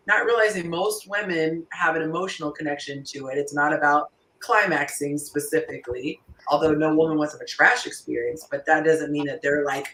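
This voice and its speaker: A woman hosting a casual panel chat, animated and laughing often as she reads listener answers aloud. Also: deep voice, moderate pace, hardly any pauses, echoey room, far from the mic, rough recording. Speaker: host.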